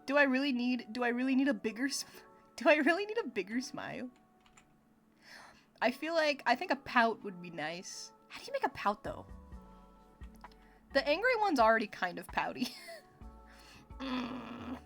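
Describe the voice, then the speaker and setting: A woman livestreaming a video game, chatting casually with her viewers in a giggly, expressive, playfully complaining way. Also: fairly high pitch, normal speed, gravelly, long pauses. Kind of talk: casual gameplay chat with viewers. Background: faint game music.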